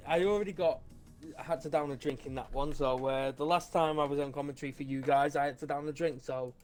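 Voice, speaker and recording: Male guest commentator, light and high-pitched, easygoing banter, faint music behind. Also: fairly even intonation, fast, a little mellow. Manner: jokey, laughs at himself. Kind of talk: casual banter.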